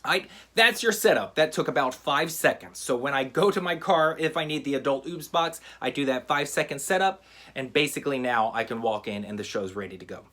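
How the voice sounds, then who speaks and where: A man teaching a magic trick in a relaxed, chatty how-to style, with frequent fillers. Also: medium pitch, brisk. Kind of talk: casual how-to tutorial.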